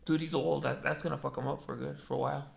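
A man's voice: mid-range voice, flat delivery, quick pace, gravelly. A young man in casual podcast chat, laid-back and joking, swearing often.

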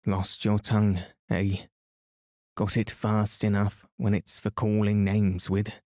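A man reading the lines of a gruff, suspicious older workman who scolds in rough dialect. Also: on the low side, little pitch movement, slow pace, darkish tone, no room sound, clean studio sound. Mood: scolding.

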